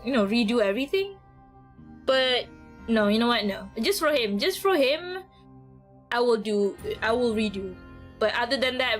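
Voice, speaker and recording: Giggly young woman streamer rambling over a game, highish voice. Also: a bit bright. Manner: giggly, laughs often, rambling. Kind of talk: casual gameplay commentary.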